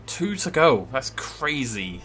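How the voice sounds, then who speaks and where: Brief: male let's-player, animated delivery, bright, forward tone. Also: mid-range voice, takes it slowly, faint music behind. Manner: chatty, excitable, swears casually. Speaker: let's play host. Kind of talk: casual gameplay commentary.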